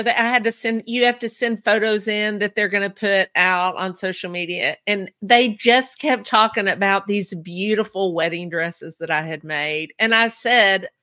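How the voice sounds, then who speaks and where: A woman's voice: fairly high pitch, pushed and bright, dry recording, clean studio sound. A woman hosting a podcast, chatting casually with a guest and laughing often. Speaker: podcast host.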